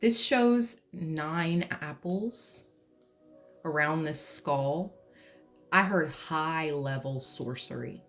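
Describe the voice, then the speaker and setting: This woman's voice sits low yet has a fairly bright tone, and she talks extremely slowly with soft music underneath. She's a tarot reader doing a pick-a-card reading with a playful, joking manner, laughing to keep it light and slipping into humming and song.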